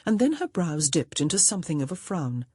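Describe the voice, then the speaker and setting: A woman reads a historical romance in measured, expressive narration. Her voice is low and husky, with a lively, animated range. It sounds close and dry, with no room around it. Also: dry recording. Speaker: audiobook narrator. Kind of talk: scripted narration of a romance novel.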